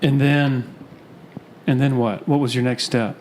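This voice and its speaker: A man's voice: mid-range voice, little pitch movement, a little slow, a little mellow, a little hiss or hum. A man hosting a podcast, asking brief, friendly prompting questions. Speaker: podcast host. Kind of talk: interview questions.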